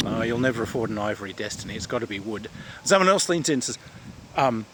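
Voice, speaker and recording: A man's voice: mid-range voice, lively intonation, fast, background noise. A man hosting a casual chat about tabletop games, telling anecdotes and acting out his players' lines. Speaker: tabletop game host.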